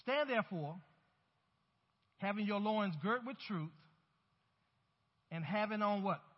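High-voiced male pastor preaching. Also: expressive, slow pace, long reverb tail. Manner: preaching with emphatic rises and calls to the congregation. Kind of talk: sermon. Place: church sanctuary. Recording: dull, hollow-sounding church recording.

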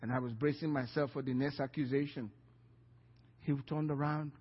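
A man's voice: mid-range voice, steady tone, normal speed, breathy edge, big-room sound, dull audio. A male pastor telling a personal story in a sermon, acting out the dialogue and often repeating his words. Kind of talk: sermon testimony.

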